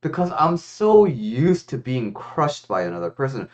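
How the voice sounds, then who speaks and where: A man's voice: medium pitch, a little slow. A man who is a life coach, talking thoughtfully to a viewer in a casual, reflective way. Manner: thoughtful, lots of fillers and restarts, expressive. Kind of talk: casual reflective talk to camera.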